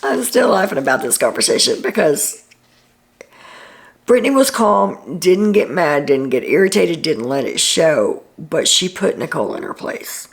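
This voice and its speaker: A woman's voice: sits low, sing-song, normal speed, creaky. A woman hosting a casual reality TV recap, retelling what people said in a chatty way with ums.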